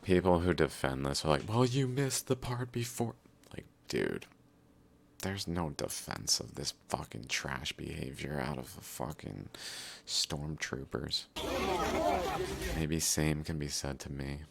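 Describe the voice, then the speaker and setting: A man's voice: very deep voice, measured pace, vocal fry, slight background noise. A man hosting a reaction video, talking casually over clips, swearing a lot and sounding incredulous. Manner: profane, incredulous, laughs often.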